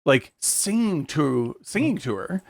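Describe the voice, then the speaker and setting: A man co-hosting a casual film podcast, retelling scenes with lively acted-out voices and frequent laughter. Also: a little high, slow pace, creaky, no echo, studio quality. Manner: animated, acts out film scenes in put-on voices, laughs often. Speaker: podcast co-host.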